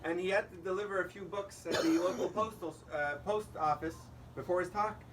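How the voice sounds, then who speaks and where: High-voiced rabbi telling sermon jokes. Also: male voice, steady tone, fairly quick, fairly bright tone, far from the mic, a little hiss or hum, rough recording. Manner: storytelling, quoting characters in dialogue.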